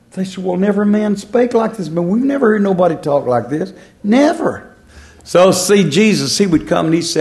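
Gravelly preacher man. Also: a little high, a little mellow. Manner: folksy, repetitive, drawn-out emphatic phrasing. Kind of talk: sermon.

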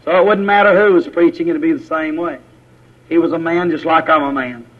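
A man preaching a sermon, folksy and plain-spoken, his voice climbing higher when he exhorts. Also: steady tone, fairly quick. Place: church. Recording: lo-fi muffled old church recording.

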